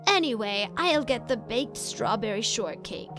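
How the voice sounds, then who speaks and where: A woman doing Calliope, a raspy polite harpy. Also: a little high, lively intonation, music in the background. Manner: slow, courteous, calls people dear.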